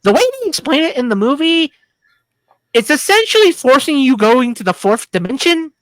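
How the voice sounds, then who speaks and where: A woman's voice: high voice, very animated, moderate pace, no room sound. A woman co-hosting a film review podcast, talking casually in a rambling, jokey, crude way with many restarts. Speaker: podcast co-host.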